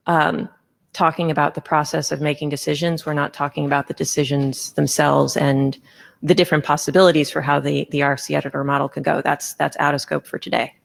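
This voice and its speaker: Woman chairing a session in a conference room, low voice with a creaky edge, casual and rambly. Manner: informal, filler-heavy, self-correcting. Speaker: session chair presenting a proposal. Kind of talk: presentation and meeting discussion.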